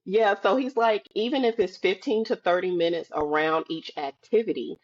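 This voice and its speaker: A woman guest on a podcast, chatting casually and telling lively stories, acting out the voices of the people she quotes. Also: fairly low pitch, moderate pace, lo-fi sound. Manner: animated storytelling, acts out quoted voices. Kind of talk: casual chat. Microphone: video call.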